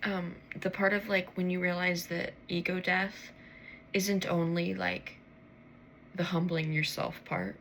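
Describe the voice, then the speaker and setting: Sleepy woman vlogging a late-night tarot pull, crisp bright voice with vocal fry, talks to herself and curses a lot. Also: lowish voice, little pitch movement, unhurried, a little hiss or hum. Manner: rambling, swears freely, talks to herself. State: tired, yawning. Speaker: tarot reader.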